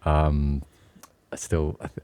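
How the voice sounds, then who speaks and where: A man hosting a podcast interview, asking questions and musing in a soft, trailing way. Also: very deep voice, monotone, slow pace, clear, resonant tone. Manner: soft-spoken, trails off, brief backchannels. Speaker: podcast host. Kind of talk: casual interview chat.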